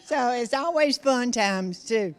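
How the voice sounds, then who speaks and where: A woman's voice: a little high, lively intonation, takes it slowly. An older woman telling a funny story from her past, chuckling as she goes. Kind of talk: casual anecdote.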